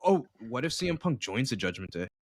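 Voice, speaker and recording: A man's voice: mid-range voice, very animated, brisk. A man co-hosting a casual podcast, sharing his opinions with enthusiasm. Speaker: podcast co-host. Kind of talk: casual chat.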